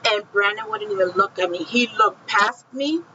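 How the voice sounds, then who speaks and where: A woman's voice: medium pitch, normal speed, bright, forceful tone, highs cut off, a little hiss or hum. A woman telling her own painful story in a vlog, heated and profane, speaking with raw feeling. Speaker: vlogger recounting her own experience. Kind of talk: emotional personal storytelling.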